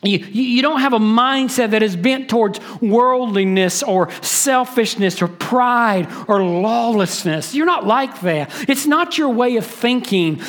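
A pastor preaching a sermon, stressing words by repeating them and switching between quick and slow delivery. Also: very high-pitched.

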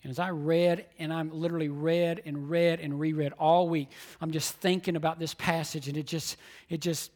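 A man preaching a sermon as pastor, swinging from hushed, near-whispered lines to loud emphatic declarations and repeating key phrases. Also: a little high, level tone, moderate pace.

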